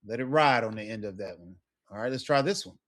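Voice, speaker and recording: A man teaching a one-on-one Spanish lesson, patient and encouraging, modeling words slowly for a student. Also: lowish voice, fairly bright tone.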